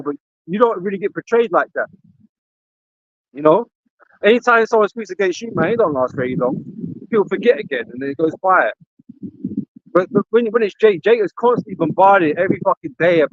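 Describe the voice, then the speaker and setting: A man's voice: high-pitched, no room sound, dull audio. A man speaking heatedly in a religious camp talk, cursing and ending lines with "man" and "you know". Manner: angry, profane, repeats "man" and "you know".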